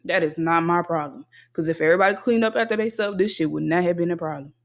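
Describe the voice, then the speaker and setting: A young adult talking alone into a single mic, venting in a blunt, heavily profane rant. The delivery keeps circling back to emphatic, repeated refusals. Voice sits at a middling pitch. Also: fast, a bit bright. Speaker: podcast host venting. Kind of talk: casual solo venting monologue.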